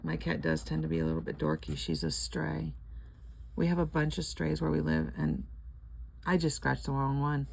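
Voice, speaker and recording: A woman's voice: sits low, big pitch swings, normal speed, creaky, darkish tone. An older woman chatting casually and rambling at home while scratching lottery tickets, laughing often.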